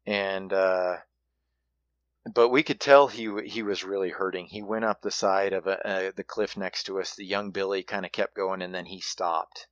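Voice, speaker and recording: Man, very low voice, halting casual storytelling, dry close sound. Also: fairly even intonation, no room sound, lo-fi sound. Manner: halting, with frequent restarts and fillers. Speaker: hunting guest telling a story.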